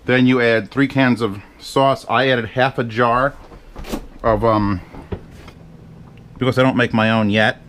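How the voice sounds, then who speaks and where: A man's voice: medium pitch, fairly even intonation, measured pace, pauses often, a bit bright, slight background noise. A man chatting casually and rambling with profane, self-mocking asides while he cooks in his home kitchen. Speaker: cooking vlogger. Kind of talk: casual cooking vlog chat.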